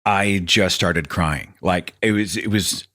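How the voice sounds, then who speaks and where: A man's voice: low voice, slow, bright, forceful tone. A man hosting a podcast, telling rambling, self-deprecating stories in a casual stream-of-consciousness monologue. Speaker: podcast host.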